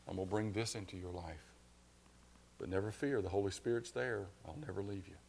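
A man preaching a sermon as pastor, his delivery swelling from hushed to loud. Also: sits low, a little fast, gravelly, slight background noise.

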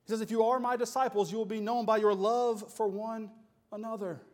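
Man, pastor, sermon, high-pitched, emphatic, rhetorical questions. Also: steady tone, a little fast.

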